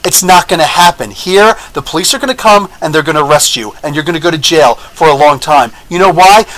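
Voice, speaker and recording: A man hosting a podcast, talking in a rambling, blunt and animated way, telling stories and often checking in with his listeners. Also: high voice, slight background noise, poor audio. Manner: rambling, animated, keeps asking "you know what I'm saying?"; blunt and opinionated. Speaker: podcast host. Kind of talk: casual opinion monologue with storytelling.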